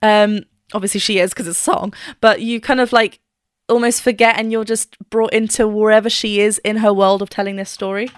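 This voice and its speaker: A woman's voice: mid-range voice, steady tone, a little fast, clear, resonant tone, no echo, studio quality. A woman vocal coach reacting to a live performance, explaining technique with enthusiasm. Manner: enthusiastic, explanatory, quotes lyrics by singing. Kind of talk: reaction video analysis.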